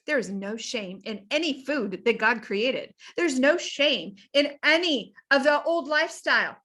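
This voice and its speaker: Bright, high-voiced woman coach. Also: measured pace. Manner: energetic, folksy storytelling. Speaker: health coach. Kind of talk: motivational talk.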